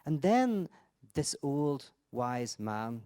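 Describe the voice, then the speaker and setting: A man gives a reflective conference talk, often stumbling and repeating words as he gathers his thoughts. His pitch is middling, and he slips into storytelling as he goes. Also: very animated, very slow, warm tone. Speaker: conference speaker.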